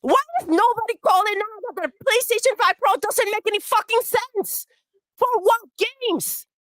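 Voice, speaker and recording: A woman's voice: very high voice, moderate pace, dry recording. A woman delivering a profane, scornful rant full of swearing. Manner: scornful, swearing, mocks with put-on voices. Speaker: livestream segment voice.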